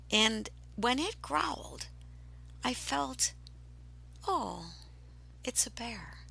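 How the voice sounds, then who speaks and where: A woman podcast host telling a personal story in a slow, hushed way, often dropping into a whisper. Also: mid-range voice, creaky.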